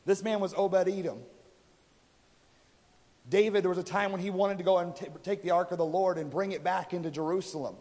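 A man's voice: high voice, steady tone, brisk, darkish tone. A man preaching a sermon, retelling a story in a casual, conversational way and voicing the people in it. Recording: reverberant hall.

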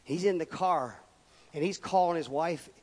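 A man's voice: on the high side, normal speed. Emphatic man preaching in a hall. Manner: emphatic, swings from loud to quiet asides. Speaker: pastor. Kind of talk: sermon. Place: church sanctuary. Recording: long reverb of a church hall.

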